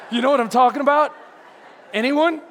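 A man preaches in a high, lively voice that carries through a large hall with a long echo. He acts out the lines of his story, dropping to near murmurs and then climbing to shouts, with frequent laughter. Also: a little slow, a faint crowd, a little hiss or hum. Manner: animated, acts out dialogue, laughs often, swings from quiet to shouting. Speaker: pastor. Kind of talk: sermon with storytelling.

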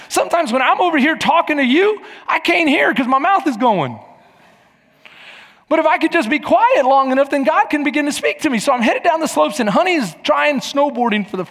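A middle-aged pastor delivers a sermon, spinning stories with animation and performing the voices of the characters in them. His voice is extremely high and creaky, and a long hall reverb fills the recording.

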